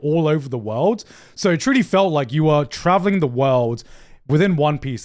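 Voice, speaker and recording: A young man chatting casually on a live stream, excitable, swearing freely and often repeating himself as he reacts. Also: on the high side. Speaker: streamer reacting to anime news.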